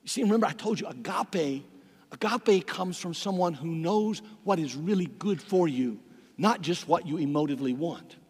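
An older man preaching a sermon as pastor, emphatic, repeating words and swinging from loud passages to quiet ones. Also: on the high side, animated, normal speed, husky. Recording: long reverb of a large hall.

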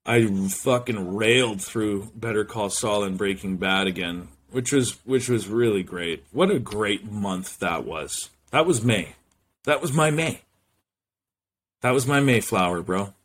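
A man's voice: on the low side, unhurried, fairly bright tone. A man hosting a solo podcast, rambling loosely from one thought to the next and swearing freely. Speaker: podcast host.

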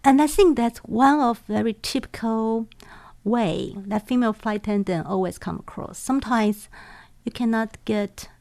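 Creaky-voiced woman telling animated stories. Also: fairly high pitch, moderate pace. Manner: animated storytelling, acts out quoted voices, laughs often. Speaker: sociology professor and former flight attendant. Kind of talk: interview answers.

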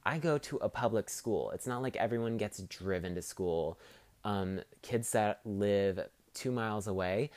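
A man's voice: on the low side, unhurried, a little mellow, dry recording. A teenage boy hosting a podcast, talking in a cocky, sarcastic and rambling way as he tells casual stories. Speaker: podcast host.

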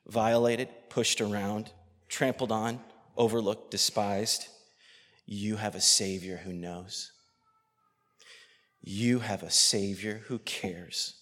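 Impassioned male preacher in a reverberant hall. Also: lowish voice. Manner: impassioned, swinging from loud outrage to hushed near-whispers. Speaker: pastor. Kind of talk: sermon.

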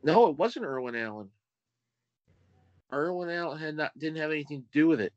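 A man guesting on a film podcast, talking deliberately and reeling off cast names and film facts. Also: fairly high pitch, animated, no room sound, muffled recording. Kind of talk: casual film chat.

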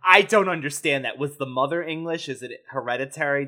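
Man, podcast co-host, bright forceful tone, casual, wry asides. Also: a little high, fairly quick. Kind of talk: casual film discussion.

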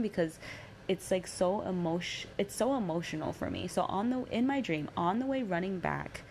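A woman's voice: lowish voice, lively intonation, normal speed, creaky, darkish tone, a little hiss or hum. A young woman and mother telling a personal story in a casual, candid way, swearing freely and using lots of fillers.

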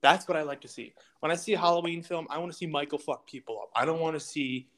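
A man's voice: fairly high pitch, fast, hardly any pauses, a bit bright. A young man hosting a podcast in crude casual chat, blunt and trash-talking. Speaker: podcast host.

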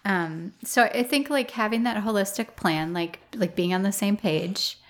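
A woman's voice: medium pitch, unhurried. A woman flower farmer talking through her thoughts in a casual interview, rambling with many fillers.

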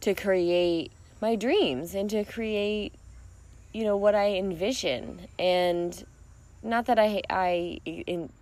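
A woman's voice: mid-range voice, takes it slowly, a little mellow. A woman hosting a solo podcast, talking in a rambling, reflective way and laughing often. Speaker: podcast host. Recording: music playing behind.

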